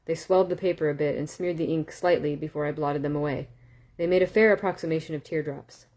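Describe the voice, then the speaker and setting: A woman reads a novel aloud in a calm, even narration, now and then correcting a slip. Her voice sits low and settled. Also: quick pace. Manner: calm, with small self-corrections and asides. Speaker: audiobook reader. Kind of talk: fan novel reading aloud.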